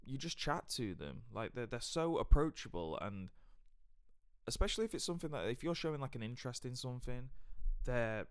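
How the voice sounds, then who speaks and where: A man's voice: medium pitch, sing-song, a little fast, smooth, no echo, clean studio sound. A young man who co-hosts a podcast, telling rambling, chatty travel anecdotes with frequent restarts. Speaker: podcast co-host. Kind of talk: casual podcast storytelling.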